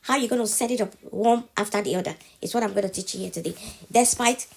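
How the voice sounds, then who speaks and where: A woman's voice: mid-range voice, quick pace, gravelly, breathy edge. A woman with a cold, talking through a casual step-by-step phone tutorial at home, checking in with the viewer after every step. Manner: chatty, keeps checking in with the viewer. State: has a cold. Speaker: TikTok tutorial creator.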